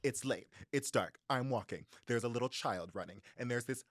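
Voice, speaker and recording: A young man co-hosting a book podcast, retelling a story in a lively, chatty way with quick asides and little voices for the people in it. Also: mid-range voice, no room sound, studio quality. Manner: animated storytelling with voices and laughs. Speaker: podcast co-host. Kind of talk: casual book-club chat.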